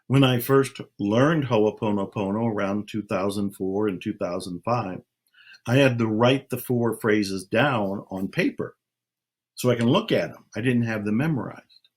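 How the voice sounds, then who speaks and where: An older man speaking slowly and calmly, leading a guided meditation with long pauses. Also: fairly low pitch. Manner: slow, calm, soothing, with long pauses. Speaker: self-help speaker. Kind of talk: slow guided meditation talk.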